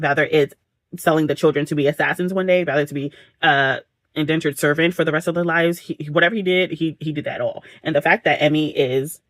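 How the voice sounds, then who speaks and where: A woman's voice: low-pitched, a bit bright, dry recording. A woman recapping a book for her vlog in a casual, dramatic way, peppering the story with slang asides, at home late at night. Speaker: book vlogger.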